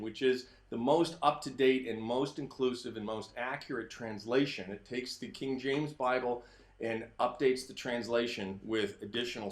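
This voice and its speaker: A man hosting a political commentary monologue, talking emphatically and sometimes breaking into shouts. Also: mid-range voice. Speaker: host. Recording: roomy echo.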